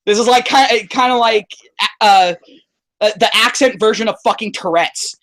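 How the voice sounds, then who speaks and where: A YouTuber from the southern United States hosts a casual livestream chat over a call microphone, joking, swearing, and stammering through many restarts. His voice is high and fairly bright, and he speaks at a moderate pace.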